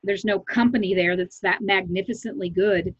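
A middle-aged woman from Kansas chats loosely on a podcast in a husky, slightly breathy voice, loud and emphatic as she rambles. The recording is dry and somewhat dull, like a lo-fi setup. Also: mid-range voice, steady tone, moderate pace, dry recording. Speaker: comedian guest. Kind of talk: casual podcast chat. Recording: muffled lo-fi recording.

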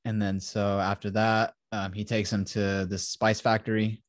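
Laid-back young man with a low voice. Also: little pitch movement, moderate pace, no room sound, clean studio sound. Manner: rambling retelling full of "he's like" asides. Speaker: podcast co-host reviewing a show. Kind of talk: casual chat.

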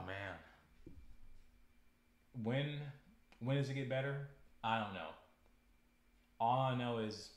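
A young man with a fairly low voice talks through a casual podcast monologue, stumbling over and repeating words as he turns preachy and heated. His voice rings around an echoey room. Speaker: podcast host.

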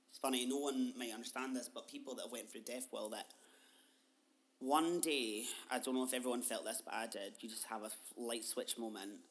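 A person in their twenties, hosting a podcast and telling a personal story with candid emotion, swinging between quiet and loud and swearing freely. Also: mid-range voice. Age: 20s. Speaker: podcast host.

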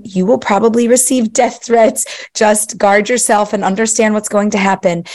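A woman's voice: medium pitch, a little mellow. A middle-aged woman, a matchmaker answering interview questions in an earnest, effusive way, sprinkling in Hebrew and Yiddish words.

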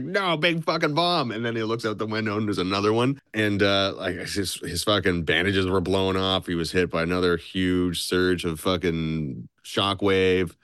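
A man's voice: sits low, fairly bright tone, clean tone, dry recording, clean studio sound. A young man on a podcast, casually retelling a story, rambling and cursing a lot. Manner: swears a lot, loose and rambling. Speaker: podcast co-host.

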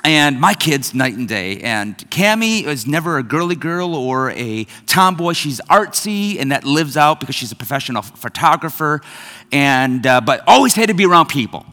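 A middle-aged man delivers a sermon with animated storytelling, slipping into family voices. His voice sits a bit high and rings bright and forceful. A long reverb from the church hall trails every phrase. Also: moderate pace. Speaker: pastor.

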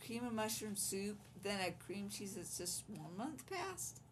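A woman's voice: medium pitch, very animated, measured pace, noisy background. A middle-aged woman co-hosting a podcast in casual chat, talking hesitantly with many fillers and closing out the show. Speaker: podcast co-host.

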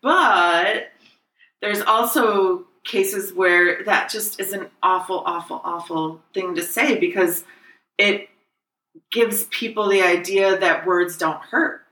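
Bright-voiced woman in her forties, roomy echo. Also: medium pitch, slow pace. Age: 40s. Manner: chatty storyteller, laughs often. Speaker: podcast co-host. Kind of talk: casual chat. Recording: echoey room, voice a bit far from the mic.

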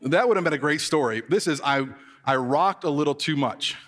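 Pastor in a reverberant hall. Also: male voice, fairly high pitch, brisk, fairly bright tone. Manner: conversational, self-deprecating storytelling. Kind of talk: sermon.

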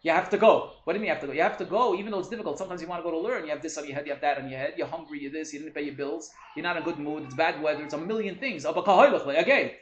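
A man giving an animated Torah lecture, switching between English and Hebrew terms and acting out complaints. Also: a little high, very fast, hardly any pauses, dull audio. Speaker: Torah teacher. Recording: echoey room with faint hum.

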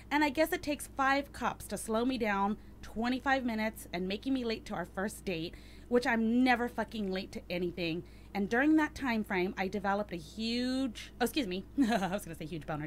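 A woman's voice: on the high side, a little hiss or hum. A woman hosting a casual chat, reading a date review aloud and teasing her cohost with crude jokes. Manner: teasing, profane, joking. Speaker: podcast host.

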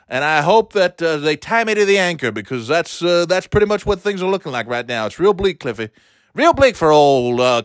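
A man's voice: sits high, a bit bright, no echo. A man playing a crude, bitter old uncle who used to announce baseball. He rambles, stammers and curses in an improvised comic monologue.

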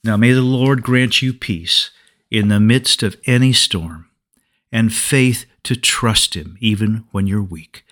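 A man preaching a devotional podcast sermon in a slightly low voice. He speaks slowly and deliberately, with an earnest, pastoral warmth toward his listeners.

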